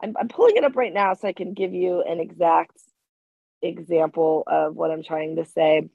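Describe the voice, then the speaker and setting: A woman's voice: on the low side, normal speed, creaky, no room sound. A woman co-hosting a podcast in casual chat, talking emphatically and repeating herself for emphasis, her voice sick. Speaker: podcast co-host. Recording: dry, dull lo-fi sound.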